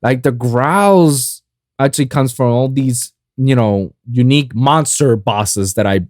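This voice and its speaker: A man's voice: mid-range voice, unhurried, darkish tone, dry recording, clean studio sound. A man hosting his own podcast, talking loosely and casually about making sounds, with plenty of swearing and "I kid you not". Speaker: podcast host and music producer. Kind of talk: casual solo podcast talk. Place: lives in South Florida.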